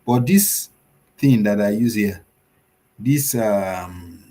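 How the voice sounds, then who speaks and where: A man's voice: fairly low pitch, darkish tone. A man teaching web design in a screen-share tutorial, walking through the steps one by one, repeating himself and using many fillers.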